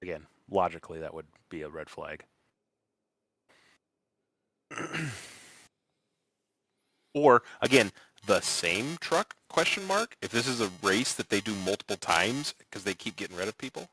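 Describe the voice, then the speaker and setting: A man's voice: on the low side, big pitch swings, unhurried, pauses often, pushed and bright, slight background noise. A man co-hosting a casual podcast chat, rambling as he reasons things out aloud, his voice coming through a bad mic that makes it sound robotic. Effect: robotic distorted voice from a bad mic. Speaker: podcast co-host.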